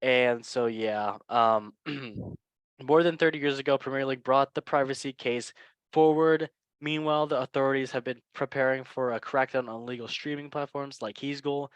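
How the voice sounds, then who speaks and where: A man's voice: mid-range voice, fairly even intonation, moderate pace, clean tone, no room sound. A man hosting a casual football news show, chatty and joking. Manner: joking, chatty, laughs at own lines. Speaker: podcast host.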